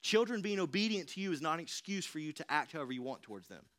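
Young male pastor, casual but emphatic sermon delivery, slightly high-pitched. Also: animated, fast talker, a bit bright. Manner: conversational preaching, emphatic and direct.

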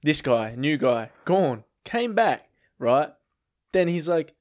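A man's voice: fairly high pitch, big pitch swings, slow, darkish tone. A young man in casual podcast chat, swearing and laughing through a work story. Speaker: podcast co-host.

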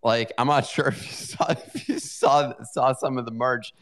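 A man's voice: medium pitch, normal speed, fairly bright tone. A man in a casual chat, telling an amused story.

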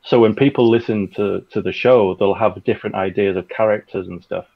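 A man with a low, gravelly voice chats loosely and rambles, full of fillers. His recording sounds a little dull and lo-fi. He is describing his own audio drama production. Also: steady tone, brisk. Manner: rambling, chatty, filler-heavy. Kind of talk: casual chat.

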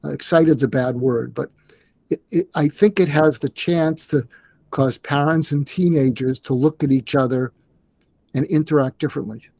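An older man, a psychiatrist guest in an interview, speaking earnestly in a halting way with restarts. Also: a little high, creaky, dark tone, husky, no room sound. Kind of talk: conversational interview.

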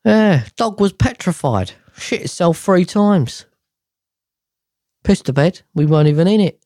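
A man's voice: sits high, animated, takes it slowly, pauses often, a little mellow. Sweary, rambling man in his thirties. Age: 30s. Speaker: podcast host. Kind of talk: casual solo podcast chat. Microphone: podcast mic.

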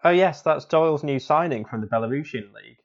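A man's voice: on the high side, lively intonation, quick pace, dull audio. Awkward mock sports interviewer, man. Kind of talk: comedy sketch, mock interviewing.

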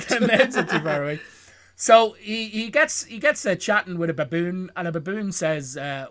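A man's voice: sits high, lively intonation, normal speed, a bit bright, no room sound. A man recapping a film plot for his podcast co-hosts in a rambling, self-correcting way, chuckling often. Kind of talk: casual chat.

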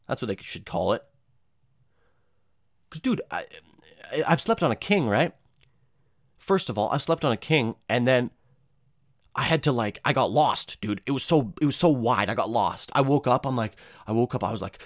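A young man rambles through a profane comedic monologue, his pitch swinging widely from low mutters to sudden high squeaks. The sound is dry and close, with no room around it. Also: moderate pace, long pauses, dry recording. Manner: rambling, profane, animated, jumps into high-pitched voices for quoted people.

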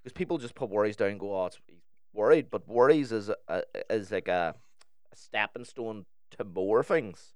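A man's voice: on the low side, normal speed, no echo, studio quality. A man in casual podcast chat, talking candidly and swearing freely as he tells personal stories.

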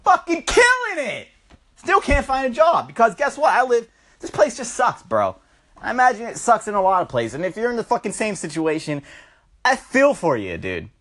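A man's voice: high-pitched, huge pitch swings, fairly quick, fairly bright tone. A man delivering an impassioned, swear-filled ranting monologue, constantly saying bro and dude. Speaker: vlogger.

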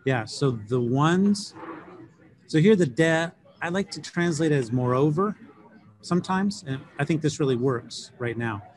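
A middle-aged man teaching a class on Greek grammar, explaining in a relaxed way with many fillers and restarts. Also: on the high side, unhurried.

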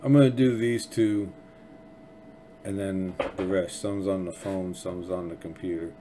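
A man with a fairly low voice rambles through political commentary as a show host. He leans on sarcasm and keeps restarting his sentences. A faint background noise sits under the recording. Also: fairly even intonation, a little slow. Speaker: podcast host.

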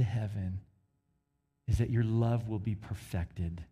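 A man preaching a sermon, swinging between emphatic rises and hushed, quiet drops. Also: fairly low pitch, slow pace, breathy edge.

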